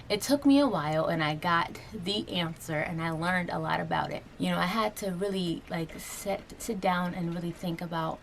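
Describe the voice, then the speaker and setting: A young woman in her twenties speaks earnestly to her camera at home, rambling through fillers and restarts. Her voice sits low and carries a gravelly fry. She sounds close to tears, over a faint hiss of background noise. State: tearful, getting emotional. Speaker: vlogger. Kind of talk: personal vlog talk to camera.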